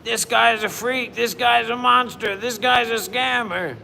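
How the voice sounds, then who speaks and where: A man mimicking a hostile male internet commenter who hurls accusations in shrill, mocking shouts. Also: fairly even intonation, unhurried, gravelly, in a large hall, a little hiss or hum, full character voice, poor audio.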